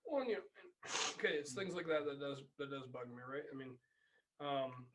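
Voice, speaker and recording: A man co-hosting a casual podcast, telling stories in a lively way and acting out both sides of the conversation. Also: medium pitch, moderate pace, recorded from a distance, a little hiss or hum. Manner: animated storyteller who acts out both sides of the dialogue. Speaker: podcast co-host. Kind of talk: casual chat.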